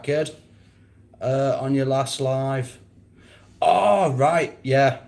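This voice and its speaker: A man's voice: mid-range voice, fairly even intonation, slow pace, a little mellow. A man chatting casually on a live stream, answering viewers, rambling and often breaking into laughter.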